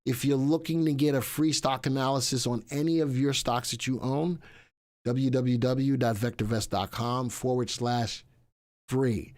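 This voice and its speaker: A man's voice: medium pitch, fairly even intonation, unhurried, darkish tone. A man hosting a live stock market stream, chatting casually, joking and rambling with asides to his crew.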